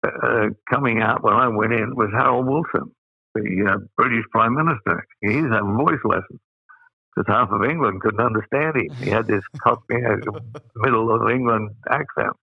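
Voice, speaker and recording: With a low, gravelly voice full of fry, an Australian man in his eighties tells rambling stories as a guest and keeps chuckling. He speaks at a moderate pace. The audio is tinny and phone-like, dry and without echo.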